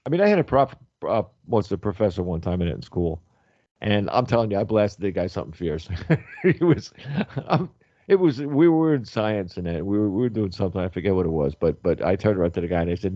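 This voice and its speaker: Man, loud and lively radio guest, lowish voice, big pitch swings, dry dull studio sound. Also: no echo. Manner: loud, animated storyteller who acts out quotes. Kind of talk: casual radio chat.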